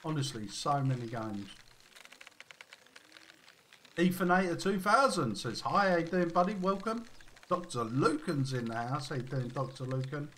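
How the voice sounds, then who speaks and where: A man's voice: fairly high pitch, sing-song, normal speed, a bit bright, a little hiss or hum. A man live-streaming a fishing game, chatting casually and reading viewer messages aloud.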